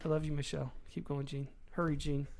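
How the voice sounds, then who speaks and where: A man in his forties, a father hosting a casual family chat, telling animated stories and laughing often as he goes. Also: on the high side, fast, creaky. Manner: animated storyteller, laughs often, does voices for quoted people. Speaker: father, podcast host.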